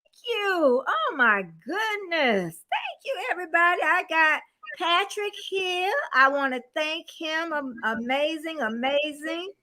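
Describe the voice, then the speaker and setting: An older woman hosting a chatty live stream. She speaks high and bright, with a voice that swoops up and down. She is gushing and emotional, and exclaims often. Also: sing-song, slow pace. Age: 60s. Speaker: host of a livestream celebration. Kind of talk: casual chat.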